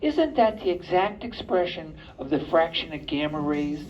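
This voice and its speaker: A bright little schoolgirl answers with prim, know-it-all precision, played by a male storyteller. The recording is slightly muffled. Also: fairly high pitch, animated, moderate pace, close to an everyday voice. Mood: eager.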